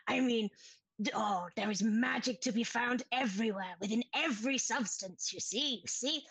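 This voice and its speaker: A woman's voice: fairly high pitch, normal speed, vocal fry, a bit bright, husky, no room sound, full character voice. A woman voicing an eager, fussy masked male alchemist trader who keeps repeating himself.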